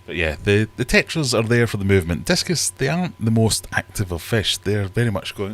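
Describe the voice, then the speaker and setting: Deep-voiced Scottish man chatting casually. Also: very animated, a little fast, hardly any pauses, a bit bright. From Scotland. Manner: rambling, chatty and self-deprecating. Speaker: livestream host. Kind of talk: casual live-stream chat. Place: home fish room.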